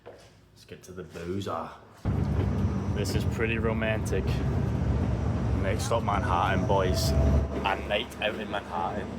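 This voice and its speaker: A man's voice: low-pitched, fairly even intonation, measured pace, pauses often. A Scottish man filming a casual travel vlog, swearing freely and calling out to his viewers as boys and troops. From Scotland. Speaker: travel vlogger. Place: outdoors on busy city streets and in bars. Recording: phone audio with loud crowd and music. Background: crowd noise and music.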